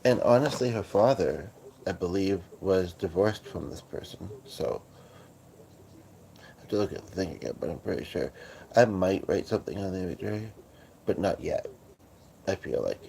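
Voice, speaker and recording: Groggy deep-voiced man rambling on a livestream. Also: animated, vocal fry, mellow, slight background noise. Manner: halting, many fillers and restarts. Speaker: livestream host. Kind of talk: casual rambling livestream chat. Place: at home on a couch.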